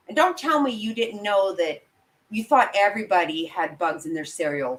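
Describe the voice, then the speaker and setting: A woman's voice: medium pitch, animated, moderate pace, rough recording. A woman ranting on a livestream, her speech blunt and full of swearing. She talks straight to her viewers, emphatic and worked up. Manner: angry, profane, emphatic ranting; talks to viewers and apologizes for the outbursts. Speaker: true crime commentator. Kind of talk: livestream reaction commentary.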